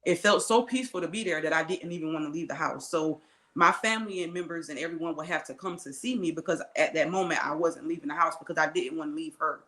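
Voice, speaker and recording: A woman's voice: low voice, fast, pushed and bright, roomy sound. A woman guest telling her life story in an earnest, conversational way, with many asides and acted-out quotes. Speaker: interview guest.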